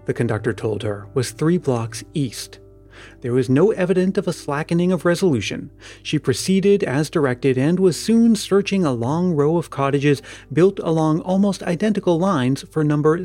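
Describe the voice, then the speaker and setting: A man with a mid-range voice narrates an audiobook from a script, keeping a steady, measured storytelling manner.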